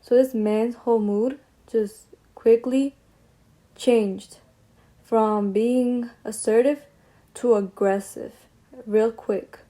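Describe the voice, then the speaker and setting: Mellow-voiced young woman, chatty vlogger. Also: fairly high pitch, fairly even intonation, takes it slowly, pauses often. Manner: chatty and slangy, drifting off on tangents. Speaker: beauty vlogger. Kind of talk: casual story time while doing makeup.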